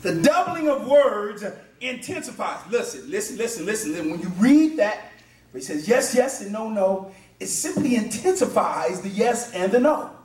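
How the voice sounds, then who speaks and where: A man preaching a sermon in a church, emphatic and often shouting, with a chanting "uh" between phrases. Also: sits high, very animated, measured pace. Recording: echoey church, mic far off.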